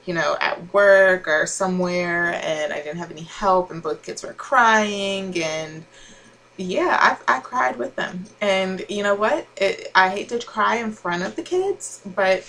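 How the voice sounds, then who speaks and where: A woman's voice: mid-range voice, measured pace, few pauses, fairly bright tone, rough recording. A young woman chatting casually to camera as a vlogger, with frequent laughs and fillers.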